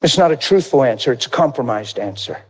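A middle-aged man preaching a sermon, telling stories and acting out other people's voices in high squeals. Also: expressive, fast, slightly rough.

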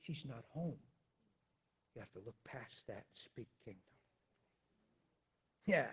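A man preaching a personal testimony, emphatic and intense, swinging from loud declarations down to hushed, quiet recounting. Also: mid-range voice, animated, slow, long pauses, breathy edge. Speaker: pastor. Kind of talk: sermon testimony.

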